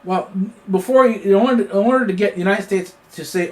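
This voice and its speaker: A man's voice: high-pitched, fast, hardly any pauses. A man hosting his own news commentary show, talking off the cuff with many fillers and restarts. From Canada. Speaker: host of an independent news commentary channel. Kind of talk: unscripted political commentary monologue.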